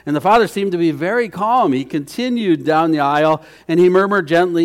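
A man's voice: on the high side, a little fast, few pauses. A middle-aged man preaching a conversational sermon as pastor, folksy and chatty, with frequent restarts.

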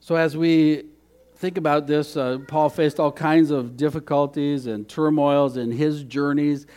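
A man preaching a sermon in an earnest way, repeating phrases and swinging between loud emphasis and hushed, quiet lines. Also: on the high side, fairly even intonation, measured pace, clear, resonant tone. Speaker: pastor.

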